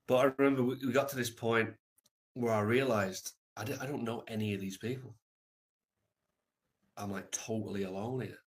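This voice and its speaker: A man's voice: mid-range voice, steady tone, moderate pace, pauses often. A man on a livestream telling a long story in a reflective, rambling way, swearing casually.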